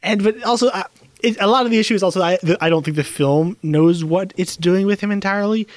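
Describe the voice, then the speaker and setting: A man's voice: high voice, fast, no room sound. A man co-hosting a casual film review podcast, speaking hesitantly with many fillers.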